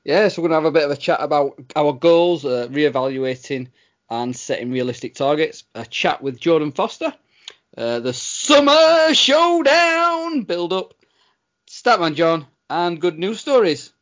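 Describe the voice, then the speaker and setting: A man's voice: on the high side, normal speed, highs cut off. A man co-hosting a casual podcast, laid-back and modest, often chuckling. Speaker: podcast co-host.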